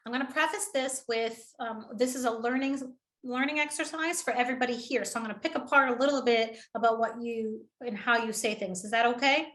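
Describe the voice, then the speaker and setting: A woman runs an online workshop on public speaking in a high, bright voice. She is energetic and encouraging and laughs often as she coaches the participants. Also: brisk.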